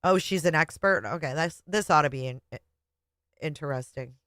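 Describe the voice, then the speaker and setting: A low-pitched woman in middle age hosts a casual live stream and talks straight to her chat. She is blunt and chatty and swears freely. Her voice sounds close and dry, with no room echo. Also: moderate pace, fairly bright tone.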